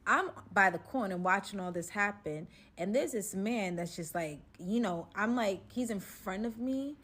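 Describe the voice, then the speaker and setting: A woman recounts a wild story in a casual storytime vlog. Her delivery is animated and full of slang, and she drops into the other people's voices to act out what they said. Her pitch sits in an ordinary middle range. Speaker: storyteller vlogger.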